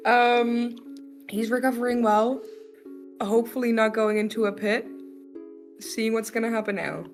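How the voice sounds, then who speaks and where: Gravelly-voiced woman player. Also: a little high, fairly even intonation, measured pace, pauses often, soft background music. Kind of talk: casual chat.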